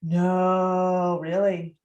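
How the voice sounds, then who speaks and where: A woman in casual podcast chat, speaking slowly in a somewhat low voice. She recaps the story hesitantly, with fillers. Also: completely flat delivery, a little mellow, dull audio. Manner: unhurried, hesitant, with fillers and little laughs. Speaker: podcast co-host.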